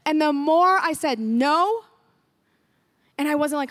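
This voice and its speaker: A woman pastor delivers an earnest sermon in a church. Her voice sits high, and she leans on repeated phrases to drive each point home. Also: lively intonation, slow pace, pauses often, no room sound. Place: church sanctuary.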